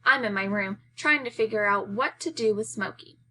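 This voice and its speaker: A woman reading a children's novel aloud as narrator, raising her voice for the shouted lines. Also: mid-range voice, moderate pace. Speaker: reader.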